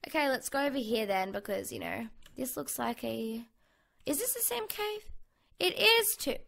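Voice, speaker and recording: A young Australian woman hosting a gaming channel chats casually from her bedroom while playing a survival game, bubbly and thinking aloud. Her voice is a little high and sing-song with vocal fry and a fairly bright tone, at a moderate pace, recorded on a USB condenser mic.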